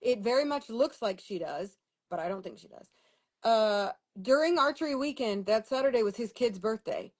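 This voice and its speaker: A woman's voice: a little high, animated, moderate pace. A young woman telling a personal story on a livestream in a candid, exasperated way, swearing freely. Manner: candid, exasperated, profane venting. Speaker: vlogger.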